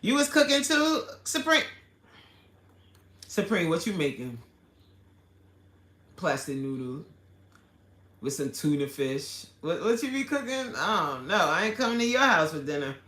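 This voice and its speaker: A woman's voice: on the low side, very animated, a little slow, pauses often, a bit bright, echoey room. A woman fitness coach hosting a casual livestream, reading viewer comments aloud with playful, slangy banter and frequent laughter.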